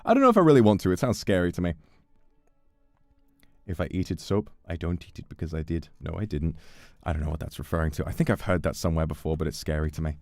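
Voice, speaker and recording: Low, lively male streamer. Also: gravelly, no echo, soft background music. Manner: playful, swears freely, quick restarts. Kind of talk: casual chat reading donations.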